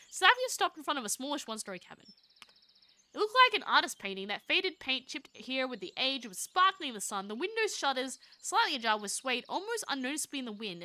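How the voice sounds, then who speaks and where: A woman streaming a story game live, reading its text aloud and joking with her chat in an animated way. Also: high voice. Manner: animated, jokey, talks to chat.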